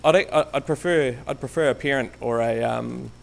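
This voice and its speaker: A man's voice: mid-range voice, moderate pace, vocal fry. A man giving an informal, hesitant church talk, full of ums and restarts, sometimes stepping away from the mic. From Canterbury, New Zealand. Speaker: guest lay preacher. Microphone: stage microphone, sometimes walking away from it.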